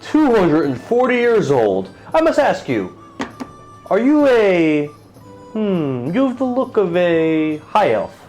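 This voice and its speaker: A proud human knight full of himself, as a man puts him on, with a high voice that leaps all over. Faint music plays behind him. He speaks grandly, as if addressing a court. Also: wildly swooping pitch, takes it slowly, darkish tone, heavily acted, poor audio. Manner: grand, showy and self-important. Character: proud male human knight, pompous and boastful. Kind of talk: tabletop role-play.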